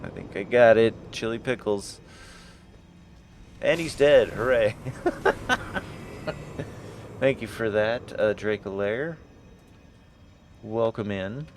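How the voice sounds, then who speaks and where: A man's voice: lowish voice, takes it slowly, pauses often, darkish tone, slight background noise. A man streaming a game live, joking with his chat, swearing at misses and reading item text aloud. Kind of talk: live gameplay commentary.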